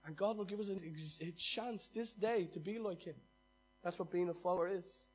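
A pastor delivers a fired-up sermon in a somewhat high-pitched voice. He swings between loud exhortation and quiet, intimate asides. When he gets worked up, he stumbles and repeats his words. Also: moderate pace, breathy edge.

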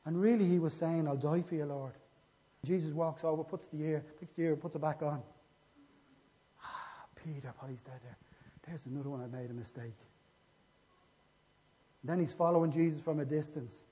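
A man's voice: on the high side, steady tone, brisk, pauses often, dark tone, a little hiss or hum. A man preaching a sermon, retelling scripture stories and acting out the dialogue. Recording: echoey hall, dull lo-fi sound.

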